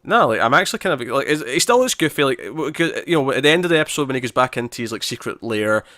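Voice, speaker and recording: A man co-hosts a casual podcast, talking fast with lots of restarts and acting out lines from the show. His voice is bright and crisp, and the sound is dry with little room. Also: mid-range voice, no room sound. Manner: animated, quick restarts, acts out lines from scenes. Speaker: podcast co-host. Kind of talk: casual chat.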